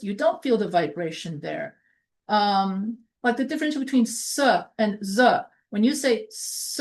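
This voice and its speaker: A woman accent teacher talks her way through a lesson in a casual, rambling style. She drifts into side stories and fills her pauses as she explains how sounds are made. Her voice sits in an ordinary middle range. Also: medium pitch, darkish tone. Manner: rambling, with many fillers and asides; slow, drawn-out word drills.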